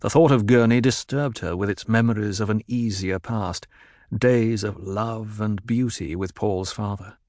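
A man's voice: lowish voice, a little slow, darkish tone, no room sound. Man narrating a novel in a dry, close sound. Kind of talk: scripted audiobook narration.

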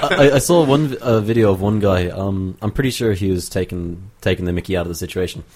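A man's voice: deep voice, noisy background. A young man co-hosting a student radio show, rambling through stories and jokes in casual banter. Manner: rambling storyteller, quick to joke.

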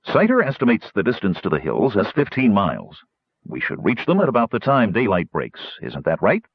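A man's voice: fairly low pitch, wildly swooping pitch, normal speed, husky, no room sound, muffled recording, heavily acted. A man voicing a young knight who speaks formally and a little awkwardly. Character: earnest young male knight leading a march.

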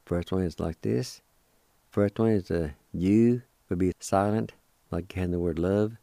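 A man hosting a radio language lesson, spelling and pronouncing each word slowly and patiently, repeating it several times. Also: deep voice, creaky, mellow, no room sound. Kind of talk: slow spelling and pronunciation lesson.

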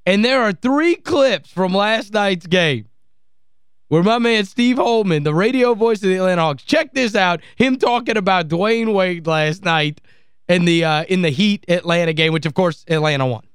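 A man's voice: high-pitched, expressive, moderate pace, clear, resonant tone, no echo, studio quality. A man hosting sports talk radio, gleeful and mocking as he plays clips. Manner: gleeful, mocking, laughs often.

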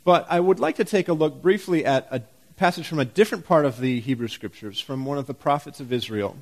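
A man's voice: a little high, a little fast. A man pastor giving a sermon in a church, conversational and full of rhetorical questions and wry humor.

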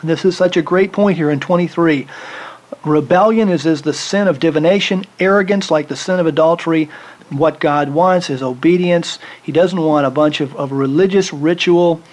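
A man's voice: fairly high pitch, moderate pace. A man preaching a sermon, teaching from the Bible and acting out the voices of the people he quotes.

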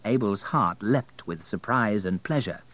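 A man narrating an audiobook in a steady, measured way. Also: fairly low pitch, rough recording.

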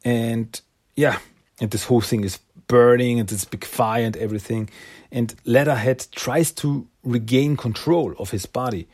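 Husky man casually recapping a comic. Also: medium pitch, fairly even intonation, moderate pace, a little mellow. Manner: rambling with fillers, slips into character voices. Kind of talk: casual comic book retelling.

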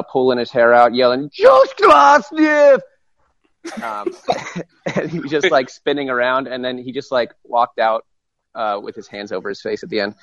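A man telling a story in casual chat, halting and amused as he goes. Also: medium pitch, dry recording, lo-fi sound. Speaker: podcast panelist.

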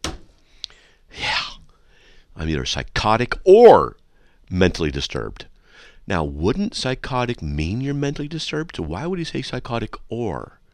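A male talk radio host with a fairly low voice that swoops up and down with great animation. He lectures in a sarcastic, mocking tone. He is recorded dry and close in a studio. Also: huge pitch swings, measured pace, long pauses, no room sound. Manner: sarcastic, lecturing, reads listener emails aloud. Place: radio studio with a control room window.

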